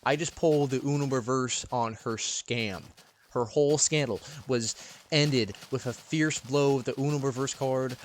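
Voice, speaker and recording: A man's voice: mid-range voice, normal speed. A man casually telling stories over gameplay commentary, rambling and playful, in a recording with background hiss. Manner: rambling, lots of fillers and restarts, playful. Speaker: channel host.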